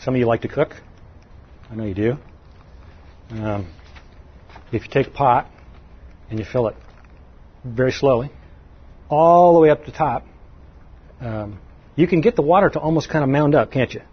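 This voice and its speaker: A middle-aged man preaches a folksy, conversational sermon, putting questions to his listeners and raising his voice to drive points home. His voice sits in the mid range with a slightly breathy edge, moving at a normal speed with long pauses. The audio sounds dull.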